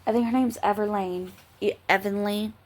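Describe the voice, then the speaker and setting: A book vlogger, a tired woman, chats casually late at night as she reviews a book, rambling, giggling, trailing off and starting again. Her voice is medium-pitched and steady, at a normal speed, with a little hiss or hum in the recording.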